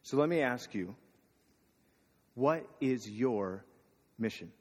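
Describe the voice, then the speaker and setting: A man's voice: mid-range voice, lively intonation, takes it slowly, darkish tone, breathy edge. A man preaching a sermon in a casual, conversational way, asking the listeners questions. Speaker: pastor. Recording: long reverb of a hall.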